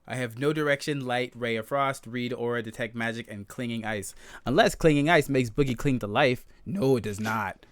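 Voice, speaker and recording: A man's voice: medium pitch, moderate pace. A man playing a tabletop game, joking around and thinking aloud with hesitations. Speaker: player.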